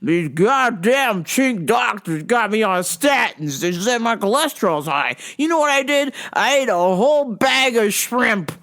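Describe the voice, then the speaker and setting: A woman's voice: a little high, animated, unhurried, hardly any pauses, a bit bright. A woman putting on a ranting sixty-year-old roofer. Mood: indignant. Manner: indignant, conspiratorial rambling.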